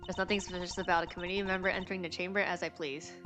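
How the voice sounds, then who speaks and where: A woman's voice: on the low side, level tone, very fast, over music, close to an everyday voice. A woman reading a haughty female committee suspect. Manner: haughty, self-assured.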